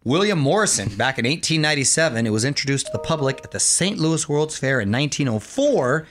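A man hosting a radio show, joking and bantering in an animated, playful way. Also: fairly high pitch, fast talker.

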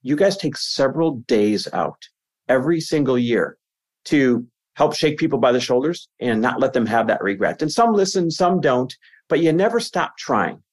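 A man with a somewhat husky voice asks measured interview questions and affirms his guest. His pitch sits in the ordinary middle range for a man. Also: lively intonation. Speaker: podcast co-host.

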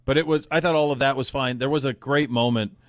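A man's voice: medium pitch, steady tone, fast talker, dry recording, studio quality. A man hosting a sports podcast, chatting casually and rambling through his points.

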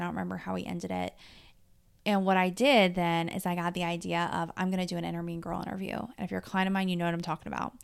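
A woman's voice: medium pitch, vocal fry, clean tone. A woman in her thirties hosting her own podcast, talking frankly and emotionally, swearing freely and speaking straight to her listeners. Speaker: podcast host and life coach. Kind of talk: candid personal podcast monologue.

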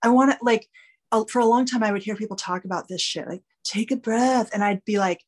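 A woman talking candidly in a casual podcast conversation, explaining with animated emphasis and free swearing. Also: medium pitch, fast talker. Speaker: guest expert.

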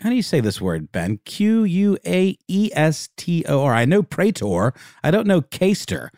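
A man's voice: fairly high pitch, big pitch swings, normal speed, darkish tone, dry recording, clean studio sound. A man co-hosting a casual history podcast, rambling with lots of fillers. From Augusta, Georgia, US. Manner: rambling, many fillers and restarts. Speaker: podcast co-host.

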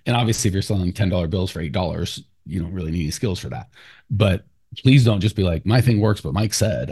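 A man hosting a podcast, coaching a client in a blunt, animated way. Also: lowish voice, slightly rough. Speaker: business coach and podcast host. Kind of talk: casual coaching talk.

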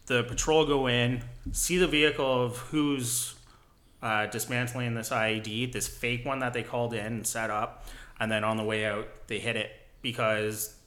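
A middle-aged man hosting a casual podcast chat, telling war stories with sound effects. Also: medium pitch. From Canada. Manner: animated storytelling with sound effects. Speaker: podcast host, veteran soldier.

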